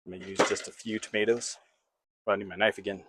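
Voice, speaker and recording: A man's voice: fairly low pitch, flat delivery, quick pace, heavy background noise. A man hosting a casual home cooking vlog, talking to himself in a playful, jokey way while he cooks in his kitchen.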